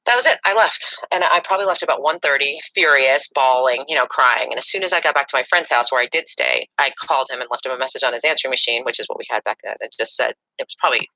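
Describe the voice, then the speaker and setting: Fast, bright-voiced woman telling a story. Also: extremely low pitch, no echo, lo-fi sound. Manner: dramatic, breathless retelling. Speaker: interview guest. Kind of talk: casual storytelling.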